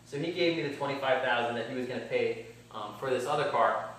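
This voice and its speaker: A man's voice: medium pitch, fast, a bit bright. Blunt swearing guy in an echoey room. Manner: blunt, swears often, acts out both sides of conversations. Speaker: car vlogger. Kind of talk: casual storytelling to camera. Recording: very echoey room, mic at a distance, faint background hum.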